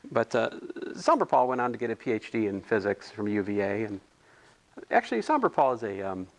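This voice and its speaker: A man's voice: fairly low pitch, sing-song, a little fast. A man tutoring physics homework in a casual, thinking-aloud way, correcting himself and adding chatty asides.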